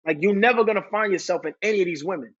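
A man's voice: high voice, racing, fairly bright tone, muffled recording. A man guest on a podcast, candidly telling a personal story in an earnest, rambling way. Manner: earnest, rambling, reciting his own lyrics. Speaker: podcast guest, singer-songwriter.

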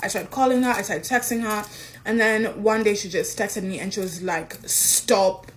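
A young woman from Kenya, telling a personal story in a casual, excitable way and acting out what others said. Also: mid-range voice, normal speed, slight background noise. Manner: animated, excitable, acts out quotes.

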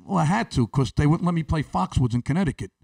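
Man, 60s, New York accent, high pitch, loud, profane, ranting comic storyteller. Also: lively intonation, fast talker, vocal fry, slightly rough. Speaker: comedian guest.

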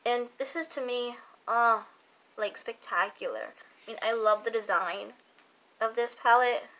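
Young woman gushing over makeup, lots of "like"s, bright kinda high voice. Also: measured pace. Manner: gushing, repeats herself, many "like" fillers. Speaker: makeup vlogger. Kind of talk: casual chat reviewing makeup.

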